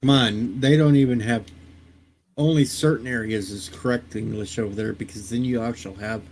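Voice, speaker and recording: A man's voice: medium pitch, steady tone, moderate pace, darkish tone. A man in a casual group chat, cracking dry wisecracks.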